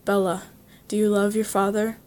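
A woman's voice: medium pitch, little pitch movement, normal speed, a little mellow, natural voice. A woman reading the lines of a troubled old merchant father in a storybook tale, in a heavy, grave way.

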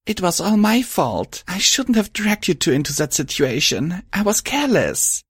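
Sounding tearful, a man plays an earnest, emotional young winged pony hero in an expressive, fairly bright mid-range voice at a moderate pace. He pitches above his natural register while keeping it natural, and the recording is dry and clean studio sound.

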